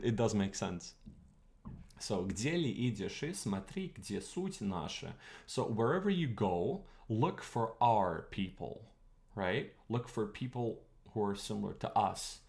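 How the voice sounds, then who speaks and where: Halting low-voiced male streamer, gravelly. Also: a little mellow. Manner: thinking aloud, halting, reads words out slowly, asks the chat. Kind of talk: casual livestream, translating an old text.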